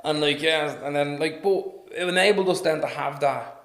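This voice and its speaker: A man with a Dublin accent, a podcast guest telling stories in a casual, animated way, laughing and swearing often. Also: fairly high pitch, normal speed. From Ireland. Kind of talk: casual storytelling. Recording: roomy echo.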